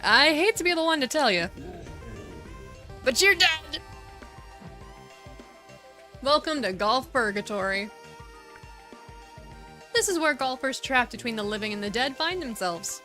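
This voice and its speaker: A woman's voice: high-pitched, lively intonation, unhurried, long pauses, pushed and bright, faint music behind, exaggerated voice. The Scotsman, a woman putting on a cursed ghostly golf keeper. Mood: theatrical. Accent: attempted Scottish, mixed with Irish and British. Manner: theatrical reading of game dialogue. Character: ghostly Scottish golf shopkeeper man, cursed, resigned.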